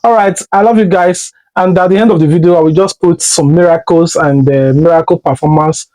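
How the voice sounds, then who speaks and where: Nigerian guy talking to his viewers, high-ish voice, earnest, setting the record straight. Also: steady tone, brisk, darkish tone, low-quality recording. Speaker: commentary vlogger. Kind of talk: casual commentary to camera.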